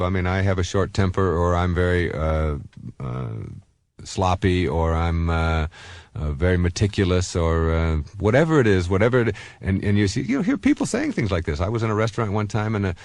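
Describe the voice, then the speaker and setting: A middle-aged man talks through a self-help lesson in a loose, storytelling way, pausing on fillers and restarting his sentences. His voice sits low but rises and falls a lot. The recording is dry, with no room sound. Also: a little mellow, dry recording.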